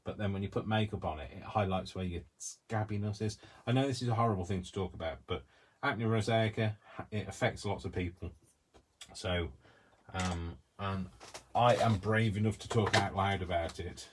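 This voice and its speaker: A man's voice: lowish voice, normal speed, husky. A man hosting a crafting video, chatting in a rambling, self-deprecating way as he works. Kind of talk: casual chat while crafting.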